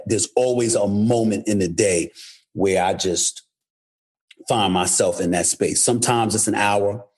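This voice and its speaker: A man's voice: low-pitched, a little mellow, husky. A man from New York City speaking as an interview guest, blunt and emphatic, often repeating his words. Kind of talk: candid interview talk.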